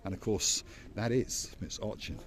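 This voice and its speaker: A vlog host with a fairly low voice talks at normal speed while leading a walking tour outdoors at a seaside harbour, chatting playfully and teasing his viewers.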